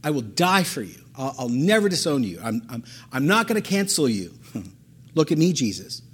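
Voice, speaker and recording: A man's voice: mid-range voice, sing-song, moderate pace, a bit bright, husky. A man voicing the disciple Peter, pleading and stammering with emphatic repeats. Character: boastful, desperate male disciple Peter.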